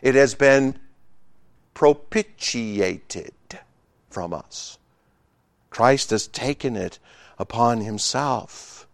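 A male pastor preaching with a lively, sweeping pitch that jumps high on his exclamations and drops low on his quiet points. He mixes fervent emphasis with joking, conversational asides to the congregation. The sound is dry and close. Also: extremely slow, creaky, long pauses, no room sound. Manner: emphatic preaching, swinging between loud exclamations and hushed asides. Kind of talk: sermon.

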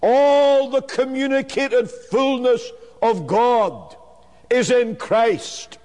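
A man preaching a sermon in a measured, emphatic way, building on repeated phrases. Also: very high-pitched, darkish tone, big-room sound.

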